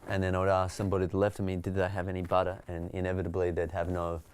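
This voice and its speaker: An Australian man, a stand-up comedian, telling stories in a relaxed, reflective way during an interview. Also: deep voice, racing, clear, resonant tone. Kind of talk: interview conversation.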